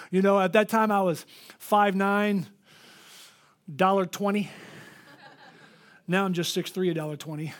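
A man preaching a sermon as pastor, telling a story and acting out the people in it with lively energy. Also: high voice, measured pace, long pauses. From Florida. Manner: animated, acts out the people in his stories.

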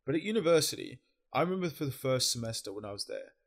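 A man's voice: medium pitch, big pitch swings, fast talker. A young Australian man co-hosting a casual chat, swearing freely and explaining things at length. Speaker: podcast co-host.

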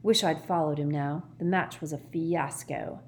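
A woman's voice: low-pitched, steady tone, unhurried, a little mellow. A woman voicing a frustrated teenage boy who speaks in an angry, clipped way.

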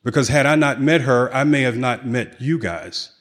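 A man's voice: mid-range voice, moderate pace. A man giving a keynote talk at a recovery conference, earnestly telling his own story and acting out the conversations in it. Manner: earnest storytelling, acts out quoted dialogue. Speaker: keynote speaker. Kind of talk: personal recovery testimony. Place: conference hall with audience.

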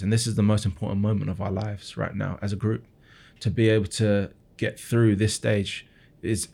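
Man in his thirties, musician guest; earnest, halting retelling, lowish register. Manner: earnest, with frequent restarts and repeated words. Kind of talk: storytelling interview answers.

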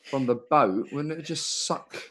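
Co-host: man, slow and lively, bright tone, jokey musing. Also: medium pitch. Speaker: podcast co-host. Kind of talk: casual chat.

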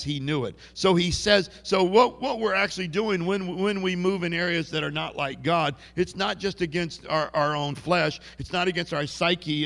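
Male preacher, conversational sermon, gravelly fry, long hall echo. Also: on the high side, a bit bright. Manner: conversational, repeats words and restarts often. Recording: long reverb of a large hall.

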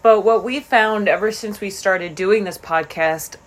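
A woman's voice: mid-range voice, measured pace. A woman co-hosting a hiking podcast in casual chat, repeating words as she talks. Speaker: podcast co-host.

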